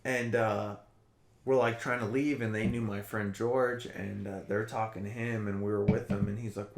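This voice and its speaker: A man's voice: lowish voice, little pitch movement, moderate pace. A man co-hosting a podcast, telling a long story in casual, profane chat. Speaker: podcast co-host. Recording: roomy echo.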